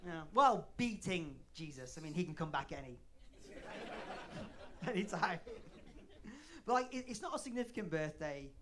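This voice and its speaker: A man's voice: a little high, big pitch swings, a little slow, pauses often. A man in his late thirties from northern England works a comedy club crowd on a handheld stage mic. He talks in a sweary, self-mocking way, bantering with the audience. A faint hiss of noise sits under his voice. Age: 30s. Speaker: stand-up comedian. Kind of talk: live stand-up set.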